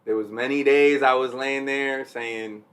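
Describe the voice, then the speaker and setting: Man, casual podcast talk, mid pitch, laughs a lot, animated storyteller. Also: measured pace. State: recovering from covid. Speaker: podcast co-host. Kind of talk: casual chat.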